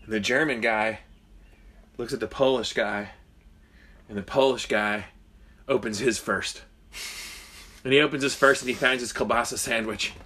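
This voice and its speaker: A man's voice: medium pitch, normal speed, pauses often, husky. A man co-hosting a podcast, casually telling a long joke with lots of swearing. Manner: profane, animated storyteller. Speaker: podcast co-host.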